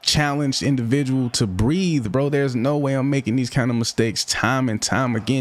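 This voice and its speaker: A young man commentating his own football video game run, slangy and quick to get frustrated, talking to himself between plays. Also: mid-range voice. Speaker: gaming streamer. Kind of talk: live gameplay commentary.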